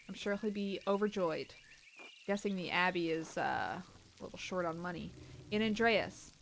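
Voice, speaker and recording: Woman streamer, mid-pitched, reads game text aloud and drops into quiet muttered quips; slight background hiss. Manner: reads game dialogue aloud between joking asides; drops to soft muttered remarks. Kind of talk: let's-play commentary.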